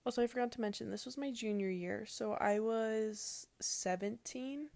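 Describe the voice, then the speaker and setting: A woman's voice: fairly high pitch, normal speed, gravelly, darkish tone, dry recording. A young adult woman casually telling a personal story to her viewers, chatty and emotional, with lots of "like". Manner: chatty and emotional, says "like" often. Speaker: vlogger.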